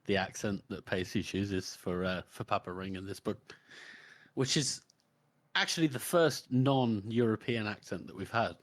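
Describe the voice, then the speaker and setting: A man's voice: fairly low pitch, moderate pace, no echo. A man co-hosting a book podcast, explaining a point with stammers and self-corrections. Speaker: podcast co-host. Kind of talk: casual book discussion.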